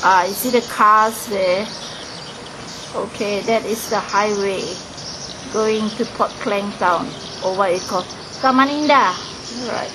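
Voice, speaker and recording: A woman's voice: mid-range voice, unhurried, noisy background. A woman with a Malaysian English accent giving a casual tour of her small apartment, chatty and laughing at herself, recorded on a handheld camera. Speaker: vlogger giving a home tour. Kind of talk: casual home video tour. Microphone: handheld camera mic. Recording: echoey room on camera mic.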